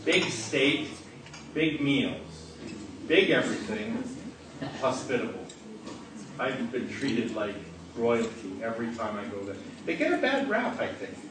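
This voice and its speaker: Pausing often and never rushing, this preacher has a mid-range voice and a very animated delivery. He jokes and questions listeners during an interactive sermon in a large hall. The recording is noisy and distant, with echo from the room.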